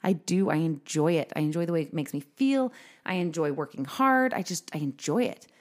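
Woman host, lower-pitched, chatty podcast conversation, easy laughs. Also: expressive, fairly quick. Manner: chatty, laughs often, quotes herself in asides.

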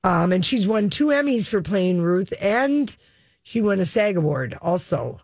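A woman's voice: medium pitch, very animated, a little slow, darkish tone, no echo. Chatty woman co-host, dry studio sound. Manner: chatty, trails off and restarts mid-sentence. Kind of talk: casual entertainment chat.

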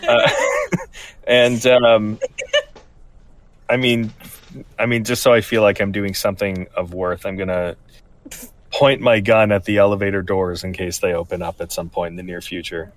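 A man's voice: on the low side, level tone, moderate pace, pauses often. A man playing a tabletop role-playing game, hesitant and playful as he describes his actions. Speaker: player. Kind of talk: casual tabletop game chat.

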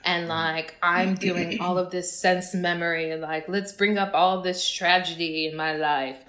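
A middle-aged woman chatting casually as a guest, telling animated stories and acting out her younger self. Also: fairly low pitch, a little slow. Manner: animated storyteller, acts out her past self. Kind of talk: casual podcast chat.

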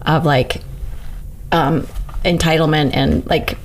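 A woman's voice: deep voice, steady tone, slow, a little hiss or hum. A woman singer-songwriter in a casual interview, talking through her craft candidly, swearing freely and laughing often. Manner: candid and profane, laughs often, talks through ideas aloud.

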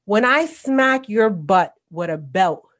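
A woman in her forties with a New York accent talks bluntly in a casual podcast chat. Her voice sits at an ordinary middle pitch. She tells animated stories and laughs easily along the way. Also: takes it slowly. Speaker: podcast guest.

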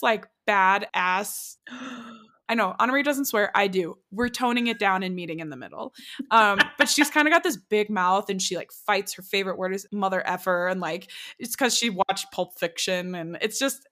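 Chatty giggly podcast co-host woman, mid-pitched, lots of filler. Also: lively intonation, normal speed, pushed and bright. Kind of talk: casual chat recapping a TV show.

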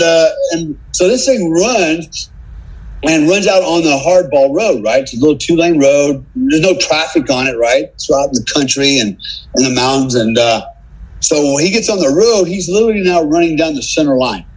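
Husky middle-aged man telling a story. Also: a little high, normal speed, low-quality recording. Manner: animated storyteller who acts out dialogue, laughs often, tags lines with "right?". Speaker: podcast guest, former special forces soldier. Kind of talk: casual storytelling in conversation.

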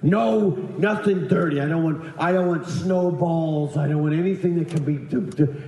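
A man's voice: fairly high pitch, moderate pace, warm tone, reverberant, close to an everyday voice. A man voicing a stern, businesslike male trainer giving blunt orders.

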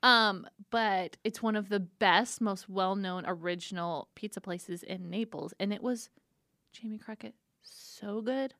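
A woman's voice: medium pitch, unhurried, fairly bright tone, no room sound, studio quality. A young woman co-hosting a casual snack podcast, teasing and chatty with lots of fillers. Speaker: co-host presenting pizza facts.

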